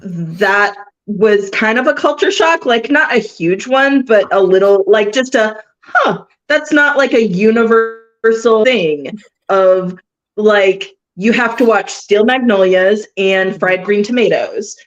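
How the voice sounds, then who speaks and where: A woman's voice: medium pitch, slow. A woman from the Southern US chatting casually, rambling with many fillers. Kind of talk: casual chat. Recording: dull lo-fi audio.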